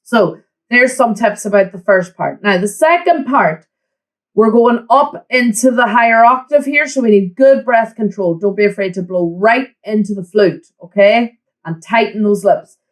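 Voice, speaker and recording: A woman teaching a flute lesson, giving tips and counting the student in with steady encouragement. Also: medium pitch, normal speed, low-quality recording. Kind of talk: online music lesson.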